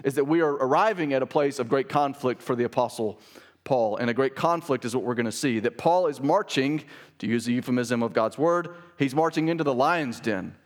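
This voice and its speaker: A man's voice: mid-range voice, fairly quick. A man preaching a sermon as pastor, earnest and emphatic, pushing up on stressed key words. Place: church sanctuary.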